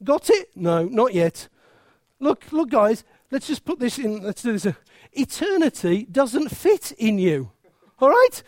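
A preacher giving a lively, emphatic sermon with humour and many rhetorical questions to the congregation. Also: medium pitch, slow, no echo, clean studio sound.

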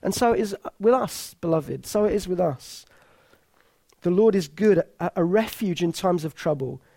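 A middle-aged man preaches a sermon in a fairly high voice. He is earnest and emphatic, and he often sinks into a hushed, intimate delivery. The sound is dry and close. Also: expressive, moderate pace, creaky, dry recording. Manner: earnest, emphatic, drops to soft intimate tones.

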